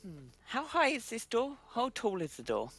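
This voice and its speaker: A player in a tabletop game, talking slowly and musingly and laughing often. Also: mid-range voice, huge pitch swings, fairly bright tone, faint music behind. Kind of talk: casual tabletop play.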